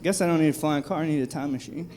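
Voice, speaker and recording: Racing through his set with background noise behind him, a young comic with a fairly high voice works a comedy club stage with a handheld mic, keeping it profane and conversational and doing drunk-voice impressions.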